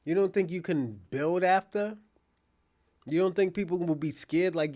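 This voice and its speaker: Blunt, higher-voiced man hosting a stream. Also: moderate pace. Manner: blunt, profane, talks directly to a chat viewer; animated, repeats and restarts phrases while thinking aloud. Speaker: show host. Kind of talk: casual live-stream commentary.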